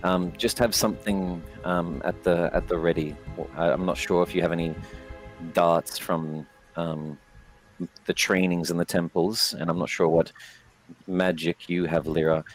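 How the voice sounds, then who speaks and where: A man playing in a tabletop game over a headset, halting with many fillers. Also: low-pitched, fairly even intonation, soft background music, rough recording. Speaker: player. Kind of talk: casual tabletop chat.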